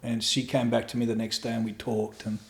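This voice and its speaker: A middle-aged podcast guest talks a little fast in a mid-range voice, recorded in an echoey room of his home. He tells a raw personal story candidly and profanely, animatedly voicing what people said to him.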